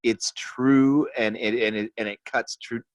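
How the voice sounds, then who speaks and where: A man actor on a panel video call, speaking haltingly and effusively. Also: medium pitch, steady tone, no room sound, lo-fi sound.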